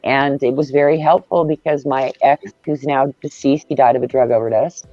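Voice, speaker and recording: Woman, mid-pitched, emphatic storyteller with a swearing streak; dull, dry video-call audio. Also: steady tone, normal speed, warm tone, no echo. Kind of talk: casual spiritual chat on a video call. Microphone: video call mic.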